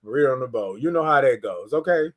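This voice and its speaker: A man hosting a casual morning livestream, telling a story with lively quoted voices and repeated words. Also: medium pitch, quick pace. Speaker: host.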